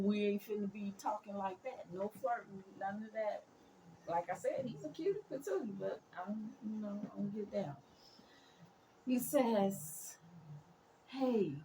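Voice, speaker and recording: A woman's voice: fairly low pitch, a little mellow, slight background noise. Rambling woman telling a story. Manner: rambling, full of fillers and restarts. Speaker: spiritual reader. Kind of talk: casual storytelling vlog.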